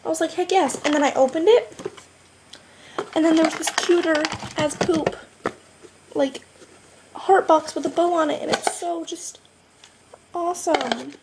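Here a seventeen-year-old girl records a chatty home vlog on her laptop mic, cheerfully rambling and filling gaps with "like." Her high, creaky voice keeps a steady tone at a moderate pace, she pauses often, and background noise is audible.

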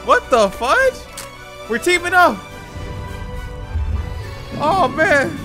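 A man hosting a gaming channel, giving excited let's-play commentary full of slangy banter and loud outbursts. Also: very high-pitched, extremely slow. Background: game music.

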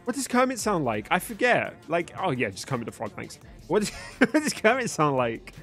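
A man's voice: on the high side, wildly swooping pitch, moderate pace, a bit bright. Young guy streaming games live, jokey and sweary, bouncy voice all over the place, faint music behind. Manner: joking banter with chat, swears freely. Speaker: livestreamer. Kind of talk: live gaming stream chat.

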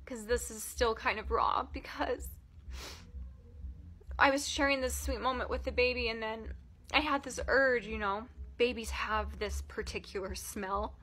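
Woman in her thirties, vlogger, tearful and halting, bright, slightly high voice. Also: a little hiss or hum. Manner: emotional, halting, many "like" fillers. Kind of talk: personal storytelling vlog.

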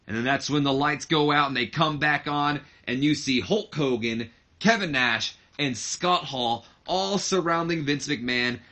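Casual male let's-play narrator; bright tone, rambling, self-correcting. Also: fairly high pitch, measured pace. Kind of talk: casual game commentary.

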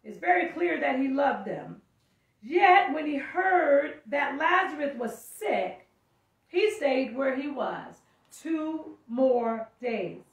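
Woman preacher, high voice, reads and explains scripture, mic well off, echoey room. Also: expressive, far from the mic, dull audio. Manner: reads scripture aloud and pauses to explain, often calling out. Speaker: teacher. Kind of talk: sermon.

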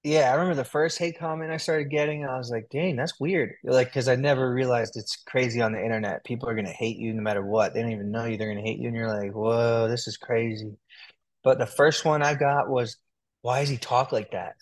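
A young adult man as an interview guest, talking in a relaxed, chatty way full of "like" and "dude". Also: mid-range voice, fairly quick. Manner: relaxed, talkative, fillers like "like" and "dude". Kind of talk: casual interview.

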